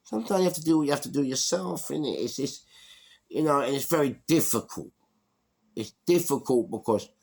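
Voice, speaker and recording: Gravelly older London man. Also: medium pitch. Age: 60s. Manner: animated, slangy, acts out voices. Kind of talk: storytelling monologue.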